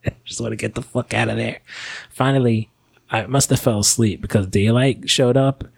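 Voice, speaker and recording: A man's voice: medium pitch, fairly even intonation, normal speed, vocal fry, slightly rough, no room sound. A man calling in and telling a rambling story in casual talk, full of fillers, restarts and swearing. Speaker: caller.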